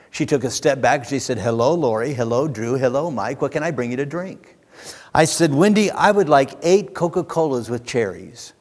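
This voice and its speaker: Animated preacher in an echoing hall. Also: male voice, medium pitch. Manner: animated preaching, rising to emphatic declarations with folksy asides. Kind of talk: sermon.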